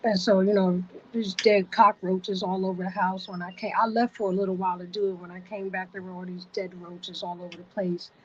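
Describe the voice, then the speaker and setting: A woman's voice: mid-range voice, level tone, fairly quick, few pauses, lo-fi sound, a little hiss or hum. A woman vlogger telling a personal story to the camera, vivid and repetitive in her retelling.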